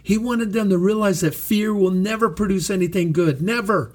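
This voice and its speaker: A high-voiced, middle-aged pastor preaches a sermon slowly and emphatically, repeating phrases for weight.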